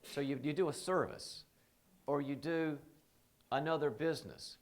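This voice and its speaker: A man's voice: a little high, normal speed, a little hiss or hum. A man teaching a live training seminar in a conversational, joking way, often slipping into quoted voices.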